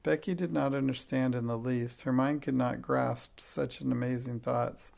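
A man narrates a classic children's story in a steady, measured way. His mid-pitched voice carries a clear gravelly grain throughout. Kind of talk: audiobook narration.

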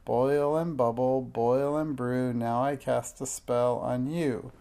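A man reading aloud, voicing a wicked old female witch who croaks and sneers in a slow, gravelly voice. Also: medium pitch, steady tone, warm tone. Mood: sneering.

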